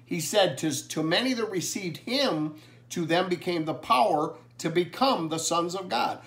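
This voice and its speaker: A man preaching a family blessing sermon, earnestly reading scripture slowly and with emphasis. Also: high voice, animated, a bit bright.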